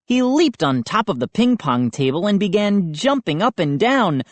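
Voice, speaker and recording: A woman narrating a children's horror audiobook in an expressive, unhurried reading. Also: mid-range voice, dry recording. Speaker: audiobook reader.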